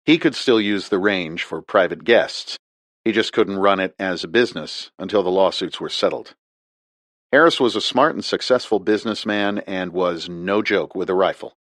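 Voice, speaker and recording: A man narrates an audiobook with a very low voice, reading in a steady, measured way. The sound is dry and close, with no room around it. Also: dry recording.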